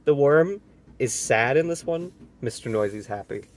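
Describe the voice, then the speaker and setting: A man's voice: mid-range voice, expressive, moderate pace, a little hiss or hum. Give me a man reading a children's book aloud with sarcastic asides. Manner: sarcastic asides, incredulous questions. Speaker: reader.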